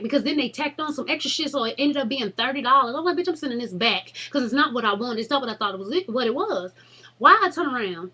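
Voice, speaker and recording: Husky-voiced woman ranting through a funny story. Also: fairly high pitch, fast. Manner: animated, profane, dramatic storytelling. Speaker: vlogger. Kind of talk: casual storytelling vlog.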